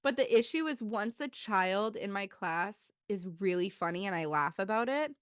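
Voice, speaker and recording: A young woman in her twenties tells a story on a podcast in a loose, chatty way. Her voice is smooth and clear, in a mid range, and the sound is close and dry. She jumps way up in pitch when she acts out the children's lines. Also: expressive, normal speed, dry recording. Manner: loose, chatty telling with many "like"s. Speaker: podcast co-host. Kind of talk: casual storytelling chat.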